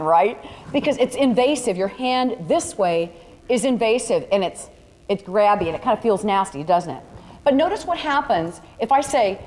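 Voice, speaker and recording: A woman's voice: fairly high pitch, lively intonation, normal speed, a little mellow. A woman teaching a photography workshop to a live audience, chatty and direct, walking students through demonstrations. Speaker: photography instructor. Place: large room with a live audience. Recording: reverberant hall, faint ambient noise.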